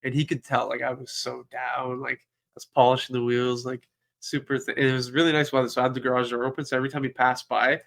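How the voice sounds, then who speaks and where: A young man co-hosting a casual podcast, telling a story with lively acted-out quotes. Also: medium pitch, quick pace, gravelly. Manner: animated storyteller, acts out quotes. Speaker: podcast co-host. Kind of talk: casual chat.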